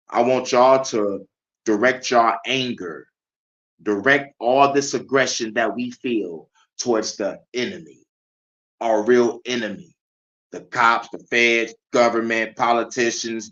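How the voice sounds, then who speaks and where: Vlog host, male, heated profane rant, tense and bright, lo-fi sound. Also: mid-range voice. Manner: profane, heated and animated, laughing often. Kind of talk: ranting commentary. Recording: dull lo-fi sound.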